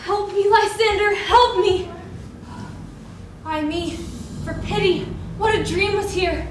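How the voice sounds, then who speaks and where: A woman playing a modest young maiden, speaking verse slowly and gently on stage. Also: very high voice, fairly even intonation, noisy background. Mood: frightened. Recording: echoey, from far off.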